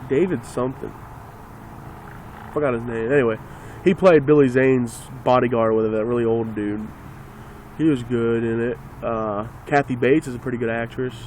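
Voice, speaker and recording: A man's voice: medium pitch, fairly even intonation, moderate pace, a little mellow, a little hiss or hum. A man ranting casually and sarcastically into a phone, rambling and swearing as he talks. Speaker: vlogger.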